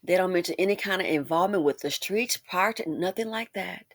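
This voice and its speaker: A woman host giving impassioned social commentary, swinging between loud emphasis and hushed asides. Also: lowish voice, brisk, dry recording.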